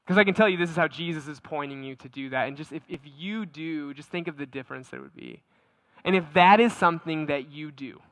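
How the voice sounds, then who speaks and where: A man preaching a lively, conversational sermon in a fairly high, bright and forceful voice. He repeats his words and keeps asking the congregation questions. The sound is dry and close. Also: no echo. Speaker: pastor.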